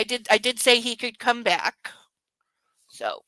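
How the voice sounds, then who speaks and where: A woman with a bright, forceful voice reads a novel aloud and keeps stopping to mock it in exasperated, cussing asides. Her voice sits a bit high and sounds close and dry. No room sound comes through. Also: sing-song, slow, no echo, poor audio. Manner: exasperated, mocking, swears freely. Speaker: book club host. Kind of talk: reading aloud with sarcastic commentary.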